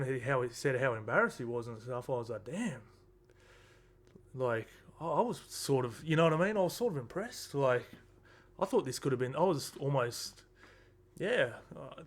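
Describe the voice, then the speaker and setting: A man, rambling casually through a rugby league round recap with lots of fillers and asides. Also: mid-range voice. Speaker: sports tipping vlogger.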